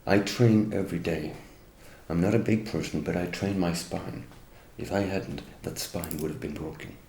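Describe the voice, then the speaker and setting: A middle-aged man from Norway, whose first language is Norwegian, is interviewed in English and gives a first-person account. His voice is very low, gravelly, and a little mellow, and his pace is moderate. He speaks with bitter indignation, keeps turning to accuse those he blames, and addresses the police directly, over a roomy echo with faint ambience and a little hiss or hum.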